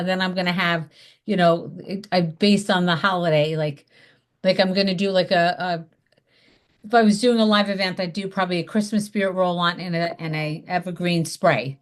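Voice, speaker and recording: A woman's voice: on the low side, steady tone, normal speed. A woman leading an online class, chatty and emphatic, acting out upbeat phone invitations. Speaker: direct sales mentor. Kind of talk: zoom class teaching. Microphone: video call.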